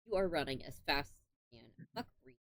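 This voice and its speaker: Woman gm with a low voice, narrating the chase, dry sound. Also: big pitch swings, fast talker, dry recording. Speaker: game master. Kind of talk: narrating a tabletop game.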